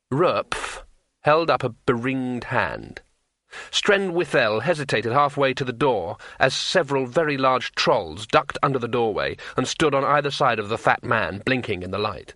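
A man reading a fantasy audiobook in a measured, unhurried way. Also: medium pitch, lively intonation, bright, forceful tone, no echo, studio quality. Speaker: narrator.

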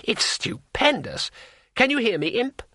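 A man voicing a naive, excitable little male tourist in a high, breathless way. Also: measured pace, no room sound, studio quality, heavily acted. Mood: excited.

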